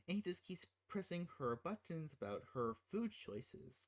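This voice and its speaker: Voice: medium pitch, sing-song, measured pace, few pauses. A channel host ranting casually about a film, incredulous and exasperated, rambling with restarts.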